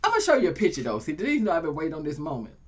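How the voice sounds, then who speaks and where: Lively, playful woman show host. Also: deep voice, racing, breathy edge. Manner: lively, playful, preacher-like repetition. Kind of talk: casual talk show chat.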